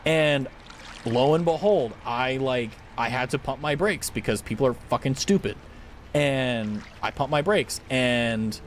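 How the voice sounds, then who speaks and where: A man's voice: medium pitch, slight background noise. A young man streaming as a VTuber, chatting casually with viewers and telling a rambling, profane story.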